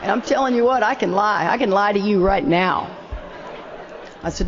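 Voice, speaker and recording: An older woman, an animated and self-deprecating storyteller, telling a long personal story as the opening speaker of a talk. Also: mid-range voice, moderate pace, some chatter behind. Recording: muffled roomy hall.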